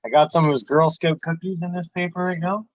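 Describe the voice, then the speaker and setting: Stream co-host: a slightly higher-voiced man, loose and profane, dry, dull lo-fi recording. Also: steady tone, a little fast, no echo. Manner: loose, swears freely, upbeat. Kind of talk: casual chat. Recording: dull lo-fi sound.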